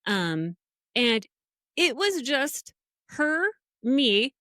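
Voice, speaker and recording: A woman's voice: high voice, extremely slow, no room sound, clean studio sound. Middle-aged woman telling stories animatedly. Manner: animated storytelling with frequent laughs. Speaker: podcast co-host. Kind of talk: casual chat.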